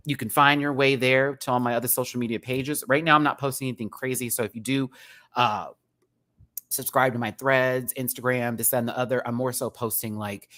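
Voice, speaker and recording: Chatty rambling man on a live stream. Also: no echo. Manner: chatty, rambling, animated, with bursts of high laughing. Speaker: YouTube commentary host. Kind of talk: casual live-stream rant.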